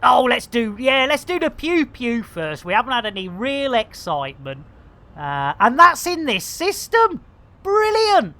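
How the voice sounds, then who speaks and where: Male game streamer, chatty and playful, slow and animated. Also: very high-pitched. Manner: jokey, chatty, full of playful catchphrases. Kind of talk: casual live game commentary.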